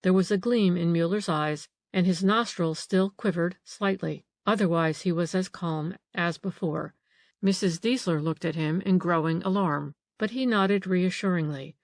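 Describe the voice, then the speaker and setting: Female audiobook narrator, lowish, measured, dry booth sound. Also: no room sound. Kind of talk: scripted narration.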